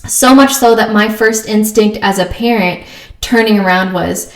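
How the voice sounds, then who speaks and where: A woman's voice: mid-range voice, moderate pace. Chatty woman host, roomy distant sound. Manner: chatty, many fillers, laughs while telling stories. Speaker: podcast host. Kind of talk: casual chat.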